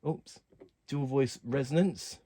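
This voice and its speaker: A man casually walking through keyboard functions in a relaxed, plain way, talking while he presses buttons. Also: mid-range voice, slow pace. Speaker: keyboard tutorial host. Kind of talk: casual instructional walkthrough.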